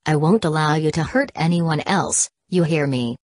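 A woman voicing a betrayed, desperate young man in an audiobook, reading in a flat, literal way. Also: low voice, normal speed, no echo, clean studio sound. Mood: anguished. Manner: reads punctuation marks aloud.

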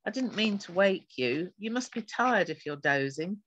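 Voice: mid-range voice, lively intonation, moderate pace, a bit bright, no room sound, dull audio. An author reading an extract from her own science fiction novel aloud, giving the characters light changes of voice.

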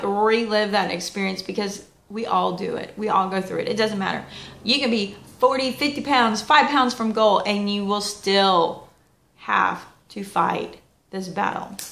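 A woman giving casual, chatty wellness advice as a vlogger, folksy and lively with plenty of asides. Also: medium pitch, vocal fry, roomy sound. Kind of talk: casual motivational talk.

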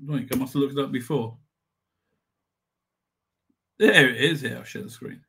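A man's voice: medium pitch, normal speed, vocal fry, bright, forceful tone, breathy edge. A middle-aged man hosting a live stream, rambling casually, swearing and chuckling as he reads comments. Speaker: livestream host.

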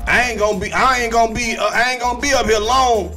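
A man's voice: extremely high pitch, fairly even intonation, fast talker, sharp tone, soft background music. A man voicing an old uncle and grandfather, rambling as he leaves a scolding voicemail.

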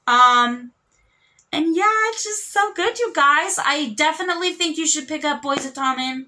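A woman's voice: high voice, measured pace, sharp tone. A young woman chatting casually as a book vlogger, rambling with lots of fillers and restarts. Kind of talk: casual chat.

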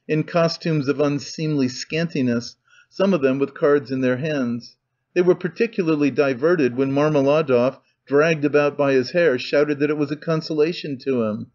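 A man reading an audiobook in measured, deliberate narration. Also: fairly high pitch, a little mellow. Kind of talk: scripted narration. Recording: dull lo-fi recording.

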